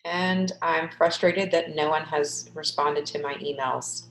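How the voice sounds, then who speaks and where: Woman, low voice, coach, guided tapping affirmations, emphatic, echoey room. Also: fairly even intonation, unhurried, slight background noise. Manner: leads repeated affirmations, sighing and emphatic. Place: home, on a webinar. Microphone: video call webcam.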